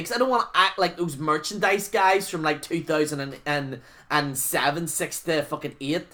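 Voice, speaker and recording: A woman's voice: medium pitch, expressive, moderate pace, few pauses, a bit bright. A woman on a wrestling channel ranting off the cuff, rambling and swearing, padding every thought with fillers and scoffing at others. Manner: rambling, profane, full of "like" fillers; scoffing, mocks others with put-on voices. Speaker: wrestling YouTuber. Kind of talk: unscripted rant.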